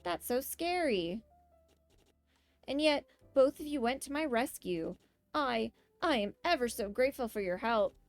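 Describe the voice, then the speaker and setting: A woman's voice: a little high, expressive, measured pace, no echo, faint music behind. A woman voicing a young woman who puts on a sweet, cutesy, overly polite act in a visual-novel game. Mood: sweetly cute. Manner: sugary, overly polite and cute.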